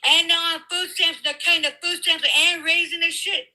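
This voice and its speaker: A woman's voice: extremely high pitch, little pitch movement, normal speed, pushed and bright, low-quality recording. A woman in a heated political argument, ranting with lots of profanity. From California.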